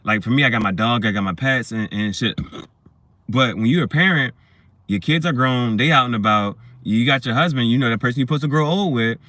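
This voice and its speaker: Brief: man in his own voice, mid-pitched, loose and profane movie review, recorded dry and close. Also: fairly quick, bright, forceful tone, no echo. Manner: rambling, profane, laughs while retelling scenes. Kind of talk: casual spoken movie review.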